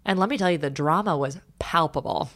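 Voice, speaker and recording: Joking woman cohost on a podcast, bright crisp tone, quick banter. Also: low-pitched. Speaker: podcast co-host. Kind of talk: casual chat.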